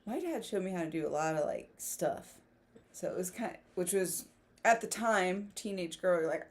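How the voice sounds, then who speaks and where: A woman's voice: fairly low pitch, normal speed. A woman hosting a casual writing livestream, chatting, laughing often and reading viewer comments aloud. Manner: giggly, reads chat aloud. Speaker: livestream host.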